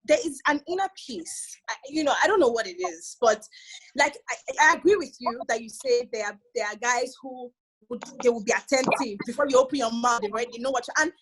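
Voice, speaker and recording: High husky Nigerian woman, earnest. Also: lively intonation, a little fast, a bit bright, low-quality recording. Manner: earnest, emphatic, often asks "do you understand?". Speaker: panel guest. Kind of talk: casual panel discussion.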